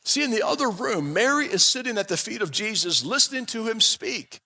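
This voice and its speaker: A man's voice: high voice, animated, a little fast, vocal fry, bright, forceful tone. A man preaching a sermon to his congregation, retelling a story vividly and speaking to them directly. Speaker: pastor. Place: church sanctuary. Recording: long church-hall reverb.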